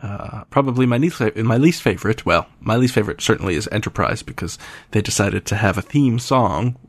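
Podcast host guy, fry in his voice, loose rambly chat, lots of uhs. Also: lowish voice, animated, brisk, dry recording. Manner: rambling, many uh fillers, wry.

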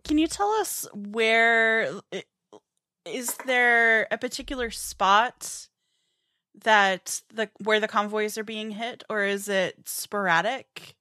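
A woman's voice: on the high side, slow, bright, forceful tone, no room sound, clean studio sound. A woman player asking tentative questions in a tabletop game.

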